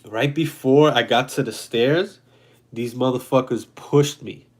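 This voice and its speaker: A man's voice: mid-range voice, unhurried. Blunt New guy in his thirties, swears freely, casual storytelling monologue, mid-range voice. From New York City. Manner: blunt, profane, animated storytelling. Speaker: host.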